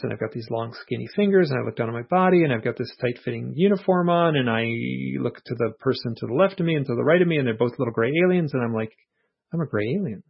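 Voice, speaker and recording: A man with a gravelly, husky edge to his voice talks through a personal story as an interview guest. He is earnest and reflective, acting out his own thoughts in quotes. The audio sounds muffled and low-fidelity. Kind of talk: casual conversational storytelling.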